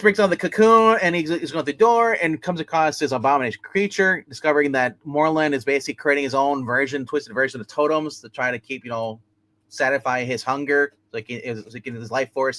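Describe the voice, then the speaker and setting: A man sits and recaps comic book issues in a loose, chatty way. He restarts sentences often and drifts from point to point. His pitch sits in the middle range for a man. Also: a bit bright. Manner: loose, rambling retelling with many restarts. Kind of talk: casual solo comic review, retelling plots.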